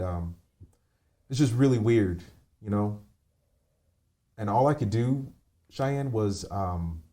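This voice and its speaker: A man on a remote call telling a painful personal story, halting, with many fillers and restarts. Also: fairly low pitch, dark tone. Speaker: podcast guest.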